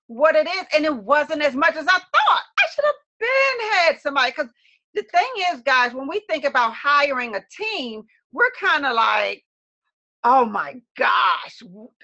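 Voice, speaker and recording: A woman's voice: high voice, bright, forceful tone, muffled recording. A woman co-hosting a webcast, chatting casually to viewers and acting out quotes with lots of laughter. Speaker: webcast co-host.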